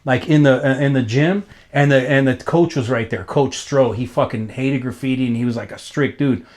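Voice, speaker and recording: A man in his fifties from Los Angeles, telling stories in a casual interview, profane and slangy, rambling with restarts and jumping up in pitch when excited. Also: normal speed. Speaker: graffiti writer being interviewed.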